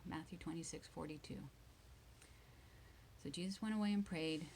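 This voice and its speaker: A woman reading Bible verses aloud slowly and retelling each one in simple words for English learners, at times dropping to a whisper. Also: low voice, a little mellow, slight background noise, poor audio. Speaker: English teacher.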